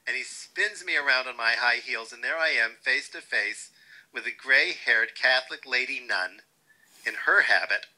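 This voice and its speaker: An older man being interviewed, telling wry, lively stories and quoting people along the way. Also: medium pitch, normal speed, low-quality recording. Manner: wry, animated anecdotes with quoted voices. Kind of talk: storytelling interview.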